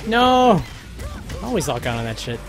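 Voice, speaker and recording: Man, game streamer, casual commentary, lively pitch, music in background. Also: moderate pace. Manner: muttering to himself while testing moves, bursts of loud excitement. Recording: music playing behind the voice.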